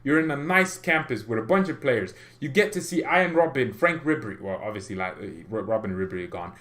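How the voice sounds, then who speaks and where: A man hosting a football fan livestream, talking in a rambling, excitable way with lots of restarts. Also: mid-range voice, quick pace. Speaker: fan channel host.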